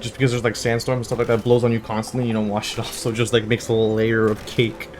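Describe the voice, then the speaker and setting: A young man in his twenties hosts a gaming video and tells a rambling, jokey story. His pitch sits in the middle range, and he breaks into sudden loud bursts now and then. Faint music plays under his voice. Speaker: gaming channel host. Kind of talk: casual storytelling over gameplay.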